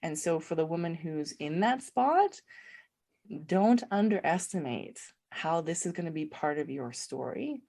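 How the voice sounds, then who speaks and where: A woman's voice: deep voice, animated, a little slow, gravelly, a little mellow. A middle-aged woman, a podcast guest, telling her story in casual conversation, acting out quoted dialogue and laughing often.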